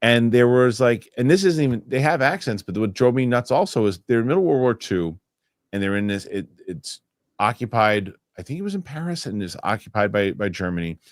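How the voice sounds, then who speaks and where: A man's voice: mid-range voice, animated, brisk, no room sound, studio quality. A man hosting a live show and reading viewer comments aloud. He rambles, corrects himself and gets worked up over his pet peeves. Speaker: show host.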